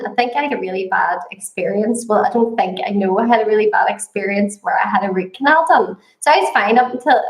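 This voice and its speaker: A middle-aged woman chatting casually on a livestream, greeting viewers by name and laughing often. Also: medium pitch. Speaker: cake decorating vlogger. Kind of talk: casual live chat. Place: home room with windows. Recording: echoey room.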